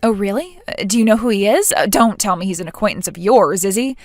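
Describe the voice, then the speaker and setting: A woman's voice: mid-range voice, lively intonation, fast talker, no room sound, soft background music, lightly acted. A woman playing an indignant, hurt young bride who speaks in an exasperated way.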